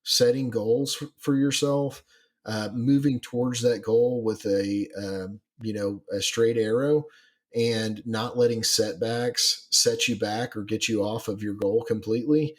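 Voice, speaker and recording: A man's voice: medium pitch, steady tone, a little slow. A man co-hosting a podcast in casual chat, rambling with many fillers and restarts. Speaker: podcast co-host.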